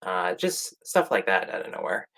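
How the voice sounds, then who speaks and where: A man giving quick, conversational takes on awards results in a casual panel chat. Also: sits low, sing-song, vocal fry, fairly bright tone. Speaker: awards pundit.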